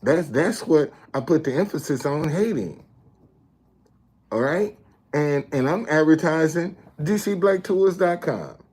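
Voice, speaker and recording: A man's voice: a little high, lively intonation, unhurried, darkish tone, slightly rough. A man talking casually to his viewers, explaining things step by step with emphasis and often checking that they follow. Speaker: street messenger and video host.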